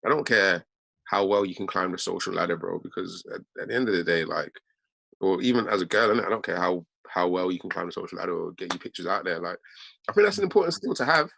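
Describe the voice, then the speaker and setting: A man's voice: low-pitched, lively intonation, vocal fry, a bit bright, no echo. A young man, telling a rambling story in heavy street slang. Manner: slangy, fast, peppered with innit and bruv. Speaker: host.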